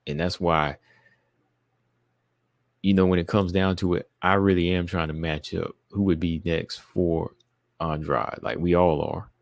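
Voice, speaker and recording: A man with a deep, gravelly voice hosts a live stream and talks casually to his viewers. He circles back to the same phrases for emphasis and keeps addressing the chat directly. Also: steady tone, unhurried, pauses often, no room sound. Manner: informal, uses "y'all" and "be listening". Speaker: podcast host.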